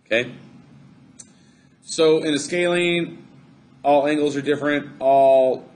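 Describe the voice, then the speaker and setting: A man's voice: fairly high pitch, steady tone, takes it slowly, darkish tone. A man teaching a recorded math lesson, chatty and upbeat, joking to himself as he draws on screen. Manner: upbeat, chatty, jokes to himself while drawing.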